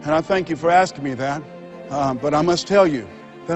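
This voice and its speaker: Man, motivational speaker, high voice, emphatic, preacherly, repeating lines for rhythm, soft music underneath. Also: fairly quick, dull audio. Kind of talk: motivational speech to an audience. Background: faint background music.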